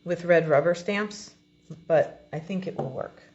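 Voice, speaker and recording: A woman demonstrating card making, explaining each step in a relaxed, chatty way as she works. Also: lowish voice, a little slow, dull audio. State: has the hiccups. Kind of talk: crafting tutorial.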